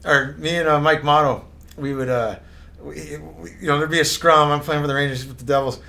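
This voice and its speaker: A man's voice: a little high, fairly even intonation, brisk, creaky, pushed and bright. A middle-aged man, a former hockey player, trading funny stories in a casual chat and laughing often. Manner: chatty, laughs a lot, quotes people.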